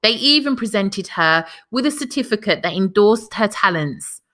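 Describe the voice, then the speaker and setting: A woman's voice: mid-range voice, animated, moderate pace, bright, forceful tone. A woman hosting a podcast, reading a scripted history narration and breaking off for chatty personal comments. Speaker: podcast host.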